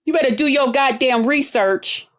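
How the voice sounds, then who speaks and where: A woman's voice: high voice, normal speed, a bit bright. A woman ranting angrily at her viewers on a livestream, cursing and confrontational, stretching out words for emphasis. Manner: angry, profane, confrontational. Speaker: streamer addressing her viewers. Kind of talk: heated livestream rant.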